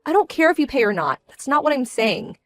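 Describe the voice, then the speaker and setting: A woman voicing a young bride-to-be who sounds indignant, measured and cold. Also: high voice, sing-song, fairly bright tone, no room sound, soft background music. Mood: firm. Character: young bride-to-be, hurt and proud, quietly fierce. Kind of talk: scripted story drama.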